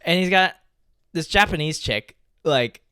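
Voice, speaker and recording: A young man from California co-hosting a podcast, telling stories in a casual chat with lots of swearing and lively acted-out quotes. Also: a little high, measured pace, clean tone, no room sound, studio quality. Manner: animated storytelling, heavy swearing. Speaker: podcast co-host.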